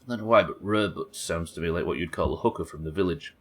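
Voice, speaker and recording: A man's voice: low-pitched, fast talker, a bit bright. A man streaming a game live, chatting with viewers in a wry, sweary, bantering way. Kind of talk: live gameplay commentary.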